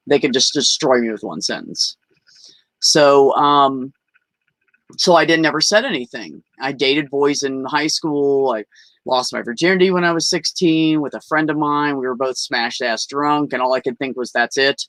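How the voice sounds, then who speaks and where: Man, podcast guest, candid rambling storytelling, mid-pitched voice, dry close sound, video call. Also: a bit bright, no echo. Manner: rambling, frank, sprinkles "you know" and "like".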